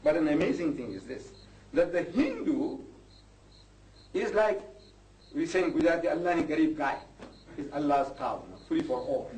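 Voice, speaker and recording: A man's voice: on the high side, very animated, normal speed, long pauses, darkish tone. An older man, lecturing an audience as a Muslim preacher, impassioned and rising to indignant outbursts. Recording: echoey hall, distant mic, faint noise.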